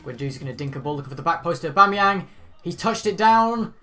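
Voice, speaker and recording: A man giving live reaction commentary as a football fan, calling the play and bursting into shouts at the players. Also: on the high side, lively intonation, quick pace, soft background music. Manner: play-by-play narration mixed with rants.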